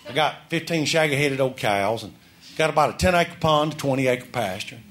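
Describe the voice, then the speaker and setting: A man doing live stand-up comedy, telling a folksy story and building up to excited shouts. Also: mid-range voice, normal speed. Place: club or stage before a live audience. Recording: live show with audience laughter and noise.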